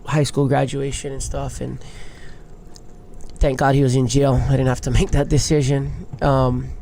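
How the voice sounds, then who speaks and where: A man's voice: medium pitch, little pitch movement, moderate pace, creaky, mellow, slight background noise. A man in his thirties from Hawaii, a surfer guest telling his life story openly and emotionally, swearing casually. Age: 30s. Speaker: guest, big wave surfer. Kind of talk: candid podcast storytelling.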